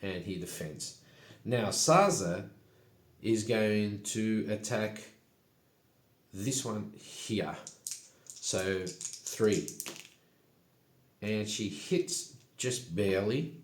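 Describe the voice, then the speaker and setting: A man narrating a solo tabletop game in an unhurried, matter-of-fact way. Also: lowish voice, lively intonation, slight background noise. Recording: echoey room.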